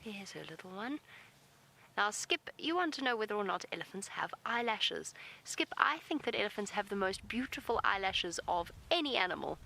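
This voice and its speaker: Bright-voiced woman giving calm safari commentary. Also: medium pitch, normal speed, creaky, low-quality recording. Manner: calm and gentle, speaking softly to the animals nearby. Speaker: safari guide and live presenter. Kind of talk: live wildlife commentary answering viewer questions. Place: outdoors in an open safari vehicle.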